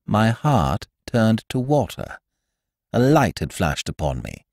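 A man and podcast host reading a classic comic story aloud in first person, with wry, expressive storytelling. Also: on the low side, unhurried, creaky, no echo, studio quality. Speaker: audiobook narrator and podcast host. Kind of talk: scripted storybook narration.

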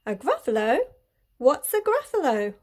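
A woman voicing a hungry, sly male snake who coaxes quickly. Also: high voice, huge pitch swings, full character voice. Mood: coaxing. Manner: quick, coaxing.

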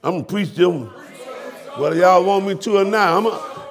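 A man preaching a fiery sermon in a church, shouting and calling out to his congregation. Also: high voice, normal speed, some chatter behind. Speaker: pastor. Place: church sanctuary.

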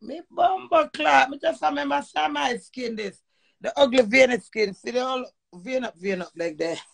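Middle-aged Jamaican woman, gravelly voice, loose crude live-stream rambling mixing patois and English. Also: high voice, moderate pace. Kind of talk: casual live-stream chat. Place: home in England.

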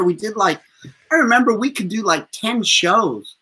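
A man's voice: high-pitched, normal speed, slightly rough. A man in his fifties, a street performer telling profane stories with lots of laughter as a guest. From USA. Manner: animated, profane, laughs often. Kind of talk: casual storytelling interview.

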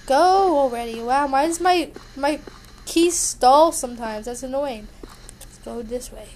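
A woman's voice: high voice, measured pace, darkish tone, a little hiss or hum, low-quality recording. A young woman playing a horror game and chatting through it, playful, sarcastic and sing-songy. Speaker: gaming YouTuber. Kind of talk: horror game let's play commentary.

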